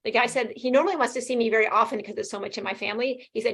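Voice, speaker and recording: Fast-talking animated woman in her fifties. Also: fairly high pitch, slightly rough. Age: 50s. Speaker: guest sharing her experience. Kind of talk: casual interview testimonial.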